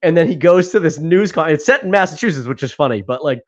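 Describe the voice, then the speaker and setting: A man's voice: on the high side, lively intonation, fast. A man hosting a podcast, chatting casually and rambling with frequent laughs and cursing. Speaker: podcast host. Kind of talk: casual chat. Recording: dull lo-fi sound.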